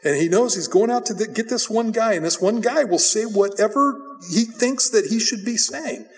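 In this expository sermon, a pastor tells the Bible story at a normal speed, blunt and animated, keeping the teaching loose and conversational. A long reverb from the hall trails his somewhat high male voice.

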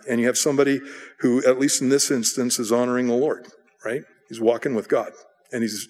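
A man's voice: medium pitch, in a large hall. A middle-aged man teaching a sermon in a conversational way, retelling Bible passages and personal stories. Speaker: pastor.

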